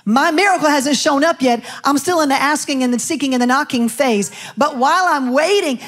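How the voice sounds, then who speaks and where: A woman's voice: high-pitched, fairly quick, hardly any pauses, fairly bright tone. A middle-aged woman pastor preaching a sermon, asking the congregation question after question and quoting scripture.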